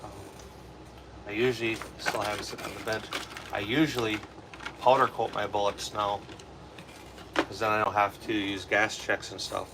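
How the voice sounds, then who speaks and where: Young Wisconsin guy, low voice, rambling livestreamer talk, steady background noise. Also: moderate pace, pauses often. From Wisconsin, USA. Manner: relaxed, rambling, answers chat comments. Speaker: livestream host. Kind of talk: casual livestream chat while reloading ammo.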